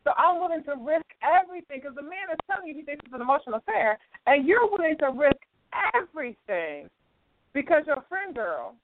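A woman's voice: sits high, sing-song, fairly quick, no echo. Emphatic woman hosting an advice radio show. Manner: emphatic, lecturing with repeated "right". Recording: tinny phone-like radio line with hiss.

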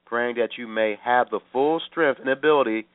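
A man's voice: medium pitch, moderate pace, no room sound. A man hosting a radio Bible teaching program, talking earnestly and repeating himself with fillers. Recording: tinny phone-line sound.

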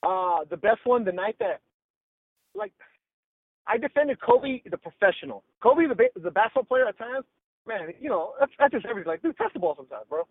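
A male sports reporter telling stories in a casual interview, animated and full of "like" and "bro", acting out quotes. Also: high voice, a little fast, dry recording, phone-quality sound. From Los Angeles. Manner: animated, acts out quotes, says "like" and "bro" often.

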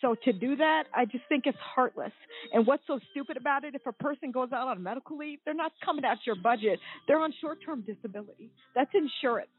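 Husky woman on a phone line. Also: high-pitched, no echo. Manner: earnest, halting, restarts mid-sentence. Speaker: guest. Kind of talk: recounting a personal story on a call-in show. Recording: thin phone-line audio, dry.

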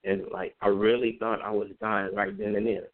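A man telling his personal story in a halting, conversational way, with many fillers and repeated words. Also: fairly low pitch, level tone. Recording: phone-like narrow band.

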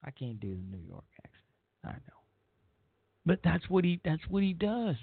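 A man's voice: on the high side, big pitch swings, moderate pace, vocal fry, husky, dry recording. Blunt talk-radio host, man on a narrow line. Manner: blunt, rambling, repeats himself. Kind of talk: opinionated talk radio monologue. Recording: dry, phone-like narrow sound.

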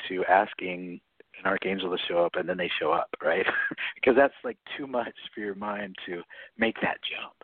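A low, husky man talks through a thin, phone-like radio line with a dry, close sound. He explains things in a chatty way, often tagging his points with a quick "right?". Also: dry recording. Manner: chatty, frequent "right?" tags and laughs. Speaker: guest author.

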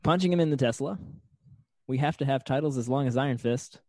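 A man's voice: mid-range voice, brisk, mellow, no echo, clean studio sound. A man co-hosting a casual podcast, reading listener title ideas with wry remarks. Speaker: podcast co-host. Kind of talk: casual chat.

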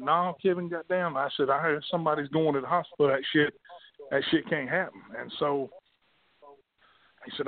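A man, a wrestling promoter telling rambling, profane stories as a guest. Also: a little high. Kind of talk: casual storytelling. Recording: tinny phone line.

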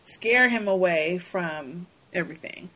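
A woman's voice: fairly low pitch, measured pace, bright, forceful tone, poor audio. A woman co-hosting a podcast, casually recapping a movie, often laughing and asking questions. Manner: laughing, playful, asks questions. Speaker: podcast co-host.

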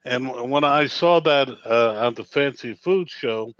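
An older man hosts a casual radio interview, speaking haltingly with many uhs and ums. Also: medium pitch, a bit bright, no room sound. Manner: halting, lots of uh and um. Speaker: radio host. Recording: dry lo-fi sound.

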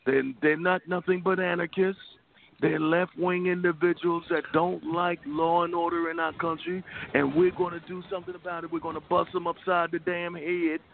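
A man's voice: high voice, level tone, moderate pace, creaky. A man doing a blustering old politician. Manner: boastful, emphatic slogans. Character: blustering older male politician impression. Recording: tinny phone line.

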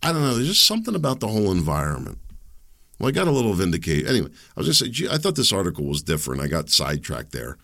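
A man in his fifties with a very low, gravelly voice, hosting his own political talk show. He talks in a heated, rambling and sarcastic way, his pitch swinging widely from one phrase to the next. The recording is dry and close, with no room sound. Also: huge pitch swings, rapid-fire, sharp tone, no room sound. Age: 50s. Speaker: podcast host. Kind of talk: political commentary monologue.

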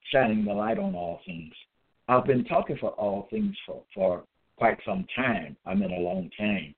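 A man preaching a religious monologue at an unhurried, deliberate pace, his pitch swinging widely as he stresses each point. He repeats himself and spells words out letter by letter. The sound is thin and tinny, as though it came over a phone line. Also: gravelly. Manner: emphatic and repetitive, spells out letters; hesitant restarts with frequent uh. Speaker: self-styled religious teacher.

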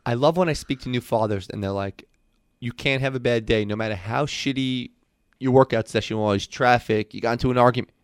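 A male podcast host who talks fast in a casual interview and keeps teasing his guest. His voice is recorded dry and close, with no room sound. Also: medium pitch, smooth, no echo. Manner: teasing, quick follow-up questions.

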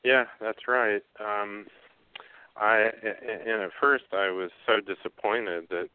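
A male author being interviewed, speaking haltingly with many fillers and restarts. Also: lowish voice, steady tone, clean tone. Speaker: author guest. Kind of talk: casual interview talk. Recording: phone line.

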